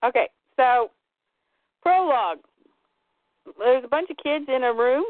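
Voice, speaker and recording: A woman with a high, very lively voice recaps comic books in casual chat. She tells the stories with animation and bounce. The sound is thin and phone-like, with a close, dry sound. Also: unhurried, dry recording. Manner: animated, retells scenes and quotes characters. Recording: tinny phone-like line, dry.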